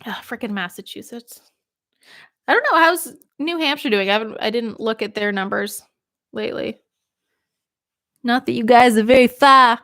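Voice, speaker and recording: A woman's voice: on the high side, moderate pace, pauses often, fairly bright tone, dry recording, clean studio sound. A young woman from Maine, a radio DJ, rambling casually on a livestream while a little tipsy from drinking. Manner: chatty and rambling, laughs often.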